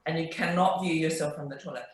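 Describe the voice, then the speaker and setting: A woman chatting casually as a podcast co-host, with relaxed, wry asides. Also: deep voice, fast talker. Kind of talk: casual group chat. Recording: very echoey room.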